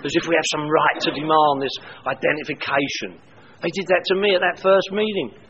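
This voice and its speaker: A man's voice: on the high side, a little fast, long reverb tail. A man sharing his personal testimony with a recovery group, telling blunt, colorful stories and acting out the dialogue. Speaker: speaker at a recovery meeting. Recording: dull lo-fi live recording with faint hiss.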